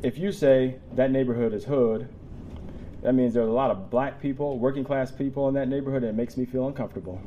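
A man's voice: mid-range voice, steady tone, fairly quick, dark tone, slight background noise. A man in his forties giving a personal talk to a live audience. He is emotional, tears up, and laughs between lines. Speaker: public speaker. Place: room with an audience.

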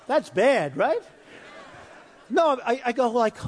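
A male candidate speaks at a campaign event, his very high-pitched, sing-song voice brisk and darkish in tone. The speech rambles and boasts, circling back on itself often. The crowded large hall gives the recording a long reverb.

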